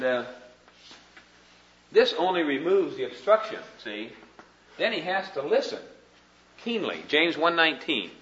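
A man's voice: fairly high pitch, a bit bright, lo-fi sound. A man teaching a class on communication at a board, folksy and conversational, often checking in with his listeners. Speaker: Christian ministry teacher.

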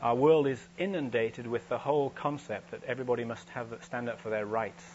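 A man's voice: mid-range voice, fairly quick, darkish tone. A man preaching a sermon in a conversational, storytelling way, with frequent restarts. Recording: dull, slightly noisy lo-fi recording with hum.

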